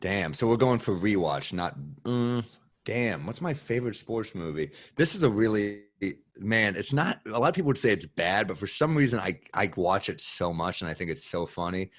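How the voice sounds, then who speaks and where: A man's voice: fairly low pitch, expressive, normal speed. A man as a guest on a podcast, chatting casually in a loose, rambling way with plenty of swearing. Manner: rambling, loose and profane, full of "like". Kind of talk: casual chat.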